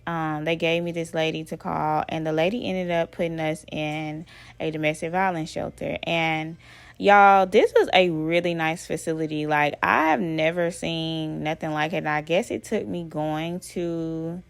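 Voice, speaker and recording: A woman tells a personal story in a low, gravelly voice with plenty of vocal fry. She is animated and profane and keeps turning to her listeners with "y'all." The sound is dry and close, with no room echo. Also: unhurried. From Alabama. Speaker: vlogger.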